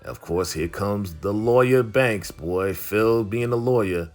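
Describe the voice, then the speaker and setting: A man's voice: on the low side, takes it slowly, faint music behind. A man casually recapping a TV episode, in a slangy, laid-back way that leans on filler phrases. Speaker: TV recap vlogger.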